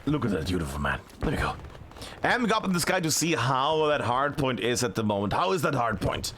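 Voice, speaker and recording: A man giving live play-by-play commentary on a video game match, chatty and excitable with many fillers. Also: mid-range voice, fairly quick, a little hiss or hum. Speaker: esports caster.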